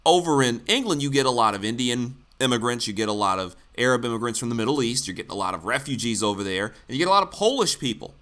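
A man's voice: mid-range voice, expressive, quick pace, few pauses, a bit bright. A man from the United States giving blunt, sarcastic political commentary, swearing freely. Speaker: commentary host.

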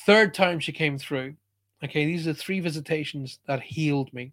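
A man who works as a psychic medium answers a listener's question with earnest emphasis. His voice sits a little on the high side, and he often breaks off and restarts his sentences as he tells a personal story. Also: fairly quick, fairly bright tone. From Ireland.

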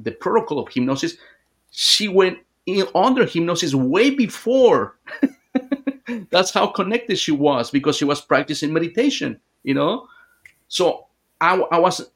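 Rambling man telling a story. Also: on the high side. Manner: rambling, with many fillers and restarts. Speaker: guest hypnotherapist. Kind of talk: casual storytelling in conversation.

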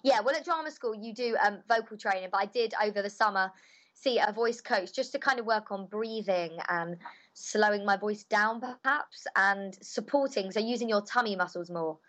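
A woman's voice: mid-range voice, moderate pace, fairly bright tone. A cheerful young woman, a voice actor answering interview questions in a chatty, bubbly way.

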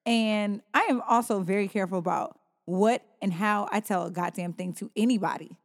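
A woman's voice: medium pitch, normal speed, in a large hall. A woman co-hosting a podcast in casual chat, blunt and emphatic, with some swearing. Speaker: podcast co-host.

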